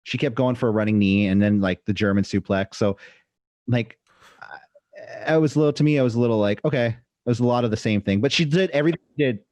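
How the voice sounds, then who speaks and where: A man's voice: medium pitch, fast, a little mellow, dry recording. A man co-hosting a wrestling review podcast, hesitant and reading from notes, with wry asides. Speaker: podcast co-host. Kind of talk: casual wrestling review chat.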